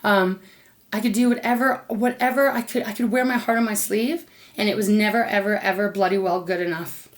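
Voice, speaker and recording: A woman's voice: mid-range voice, steady tone, fairly quick. A woman giving an unscripted tarot card reading, speaking earnestly straight to her listener. She grows emotional and protective as she talks, and now and then drops a casual swear word. Between cards she speaks aloud to Spirit. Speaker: tarot reader.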